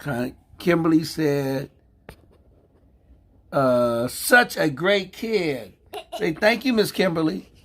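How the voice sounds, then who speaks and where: A man's voice: fairly high pitch, expressive, slow, long pauses, a little hiss or hum. An older man hosting a casual vlog, teasing and joking in a folksy, playful way with his grandson. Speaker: vlog host. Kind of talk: casual live chat with grandson.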